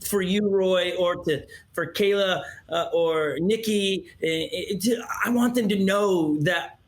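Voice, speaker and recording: High-voiced earnest man interviewer. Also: slow. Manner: earnest storyteller, stumbles and restarts as he feels his way. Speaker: interview host. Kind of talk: heartfelt interview conversation.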